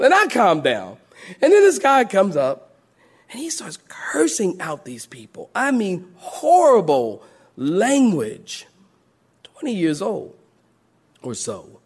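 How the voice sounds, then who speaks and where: A middle-aged man, a pastor, preaching a sermon as an animated storyteller who drops low and soft, then rises loud and high. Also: slow pace, slightly rough.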